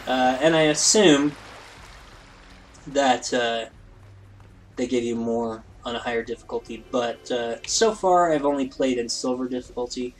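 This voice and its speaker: Male let's play host, casual rambling commentary, self-deprecating, average pitch. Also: measured pace, low-quality recording.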